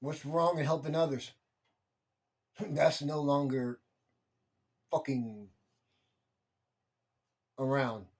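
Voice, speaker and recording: A man's voice: fairly high pitch, steady tone, drawn-out words, long pauses. A young man delivering an impassioned monologue rant, heated and repetitive, swearing freely.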